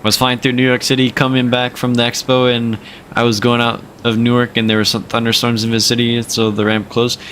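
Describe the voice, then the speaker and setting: A young man streams a flight sim and chats casually with viewers, joking in slang and slipping into put-on accents. His mid-range voice is monotone, brisk and a bit bright, with a little hiss or hum in the background.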